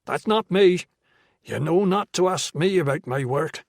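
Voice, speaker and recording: A man's voice: high-pitched, lively intonation, unhurried, gravelly, dry recording, clean studio sound, pitched above the performer's own voice, full character voice. A man voicing a guarded, evasive Irish drug dealer with a thick brogue, reading a crime audiobook. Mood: wary.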